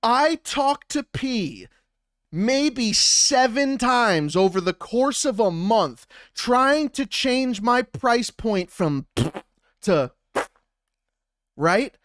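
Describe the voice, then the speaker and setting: A man telling a story in a casual, profane and animated way, acting out both sides of the conversations himself. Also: very high-pitched, very slow, no room sound, studio quality. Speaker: battle rapper.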